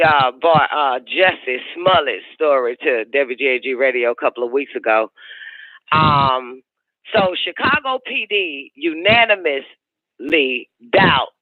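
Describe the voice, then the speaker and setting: A man hosts his own talk radio show, telling profane stories in a high voice. His delivery is crude and animated. The sound is tinny and phone-like, and dry, with no room around it. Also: dry recording.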